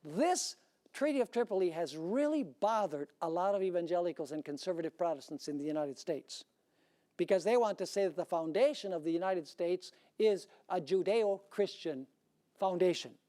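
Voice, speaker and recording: A man's voice: high voice, animated, moderate pace, mellow. A male pastor delivers a sermon with emphatic force. He keeps asking his listeners rhetorical questions to press his points home.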